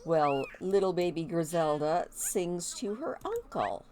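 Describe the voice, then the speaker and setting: A woman's voice: fairly low pitch, animated, unhurried, a little mellow, slight background noise. A woman giving casual let's-play commentary as she plays a life-simulation game, chatty and curious, often amused. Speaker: gaming video host.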